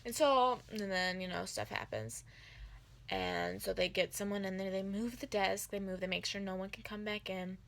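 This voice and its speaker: A woman's voice: medium pitch, moderate pace, vocal fry, a little hiss or hum. A woman telling an embarrassing story in a casual storytime vlog, rambling with lots of filler words. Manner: rambling, filler-heavy, animated retelling.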